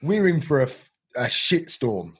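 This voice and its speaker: Husky man hosting a podcast. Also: mid-range voice, big pitch swings, unhurried, a bit bright. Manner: informal, laughs often, swears casually. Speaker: podcast host. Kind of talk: casual podcast chat.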